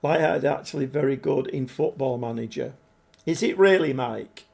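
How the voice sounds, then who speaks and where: A man live-streaming a game, chatting to viewers and getting easily frustrated, his voice a bit hoarse. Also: mid-range voice, normal speed, darkish tone. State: voice struggling, slightly hoarse. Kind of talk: live-stream commentary while playing.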